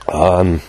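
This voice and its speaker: A man vlogging a spoken diary outdoors, halting and correcting himself as he goes. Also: low voice, background noise. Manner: halting, with many restarts and self-corrections. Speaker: vlogger recording a daily log.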